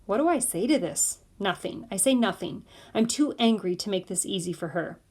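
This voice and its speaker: A woman reading a novel aloud in steady first-person narration. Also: medium pitch, moderate pace. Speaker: audiobook reader.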